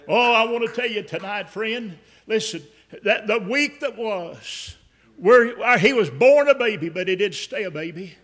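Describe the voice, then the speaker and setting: High bright-voiced preacher. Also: male voice. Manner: emphatic, storytelling, repeats words. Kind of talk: revival sermon.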